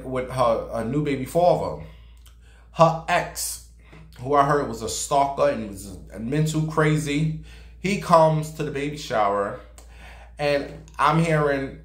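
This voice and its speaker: A man giving sassy, profane gossip commentary and dramatic storytelling as a vlogger. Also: medium pitch. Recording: roomy echo.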